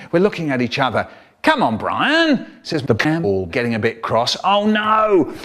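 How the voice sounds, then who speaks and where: Animated storyteller man. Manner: animated, jumps between voices and pitches. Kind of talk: spliced comic storytelling.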